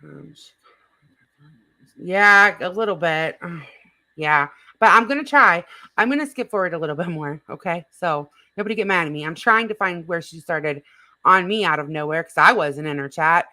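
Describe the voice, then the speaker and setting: A woman's voice: fairly low pitch, moderate pace, pushed and bright, poor audio. A woman hosting a livestream, chatting casually and reading the chat aloud while reacting to a clip.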